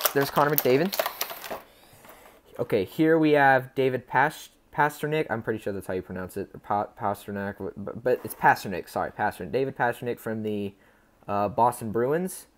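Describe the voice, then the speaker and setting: A man's voice: mid-range voice, noisy background. A man hosting a casual unboxing video. He chats upbeat and rambling with his viewers and stumbles over player names as he goes. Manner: chatty and upbeat, talking to viewers. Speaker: unboxing channel host.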